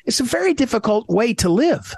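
A man hosting a political radio talk show, talking fast and emphatically, often breaking off and restarting. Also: extremely high pitch, big pitch swings, gravelly, darkish tone, husky. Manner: fast, emphatic, self-interrupting.

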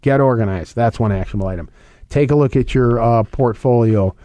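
A middle-aged man hosts a financial radio segment in a warm, mellow voice. He talks quickly and circles back to repeat his main points. The recording is dry and close, with no room sound around him. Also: mid-range voice, no room sound. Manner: fast, conversational, repeats points and phone numbers. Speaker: financial radio show host.

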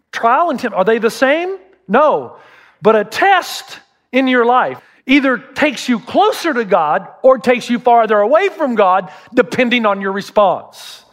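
Lively, high-pitched male pastor preaching. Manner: animated and humorous, acting out quoted voices. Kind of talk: sermon.

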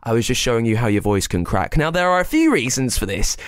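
A man with a slightly gravelly voice explains science to children in a playful, chatty way, often asking the listener questions. His pitch swings up and down with lots of life. The recording is dry and close, with no room sound. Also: sing-song, fast talker, dry recording. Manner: playful, talks straight to young listeners. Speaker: host of a children's science podcast.

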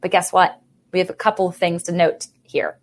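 Woman in her 30s, faith podcast host, fervent and preachy, lowish voice. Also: fairly even intonation, brisk, a little hiss or hum.

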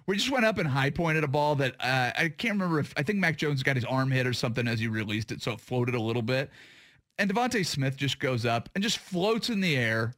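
A man's voice: medium pitch, expressive, brisk, a bit bright, no echo, studio quality. A man co-hosting a sports talk show, chatting casually with emphatic enthusiasm. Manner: enthusiastic, emphatic, says dude a lot.

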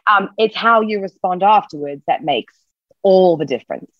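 A woman's voice: fairly low pitch, animated, normal speed, no room sound, highs cut off. A woman parenting coach speaking reassuringly and emphatically on a podcast, often repeating key phrases. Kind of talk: casual podcast chat.

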